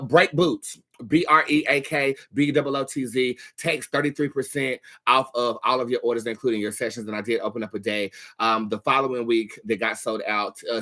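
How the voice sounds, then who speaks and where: A man's voice: medium pitch, fairly bright tone. A young man hosting a tarot livestream, chatting casually with viewers in a candid, profane way.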